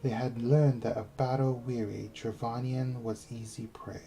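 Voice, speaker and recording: A man reading aloud as a formal insect-tribe elder in a video game, using a put-on British accent and a slow, stately delivery. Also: mid-range voice, level tone, warm tone, natural voice, rough recording. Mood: solemn.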